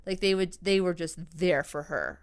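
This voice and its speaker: A woman's voice: on the low side, normal speed, clean tone. A woman in her thirties co-hosting a casual podcast, chatty, often restarting her sentences and swearing casually. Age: 30s. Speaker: podcast co-host. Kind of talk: casual chat.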